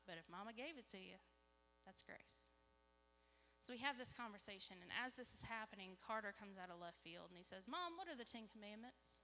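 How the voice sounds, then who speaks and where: A woman tells an animated church testimony, acting out bits of dialogue. Her voice is bright and a little high. It rings through a reverberant church hall over a faint hum. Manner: animated storytelling, acts out dialogue. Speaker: lay speaker giving a testimony. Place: church sanctuary.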